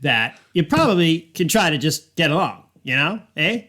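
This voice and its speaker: A man's voice: on the high side, very animated, normal speed, bright, forceful tone. A man playing a tabletop game, goofy and jokey. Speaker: player.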